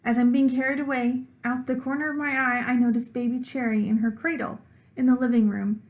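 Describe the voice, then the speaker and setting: A woman teacher reads a children's book aloud with expressive storytelling. Her voice sits a little high, and she pauses to ask her young listeners questions.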